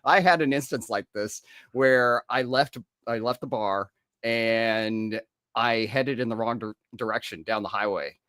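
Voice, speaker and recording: A man's voice: mid-range voice, a little slow, a bit bright, clear, resonant tone, dry recording, studio quality. A man, an author and recovery coach, speaking as a guest in casual interview chat, reflective and often chuckling as he recounts his own stories.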